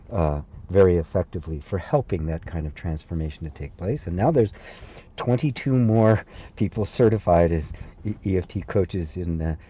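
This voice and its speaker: A man hosting a live satsang as a spiritual teacher, speaking gently and reassuringly, laughing softly and pausing with fillers as he reads viewer comments. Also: deep voice, slight background noise. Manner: hesitant fillers and restarts while reading.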